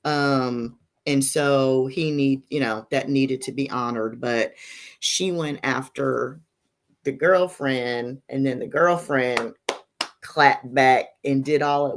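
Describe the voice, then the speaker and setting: Low voiced woman cohost, aave, takes her time, gossipy candid stories. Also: slow pace. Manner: candid, storytelling, drops to a whisper for gossip. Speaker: podcast co-host. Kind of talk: casual chat.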